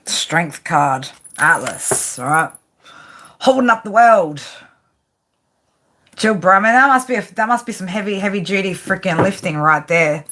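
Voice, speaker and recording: A woman's voice: fairly low pitch, expressive, measured pace, a bit bright. A woman doing a casual livestream tarot reading, chatty and rambling, swearing casually as she talks through the cards at her table. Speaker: tarot reader. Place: home, at a table under a lamp.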